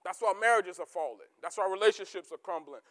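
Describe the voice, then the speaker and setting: A man preaching a sermon as pastor, repeating key words for emphasis and swinging between shouted peaks and low, quiet asides. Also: quick pace. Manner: rising to shouts, then dropping to low asides.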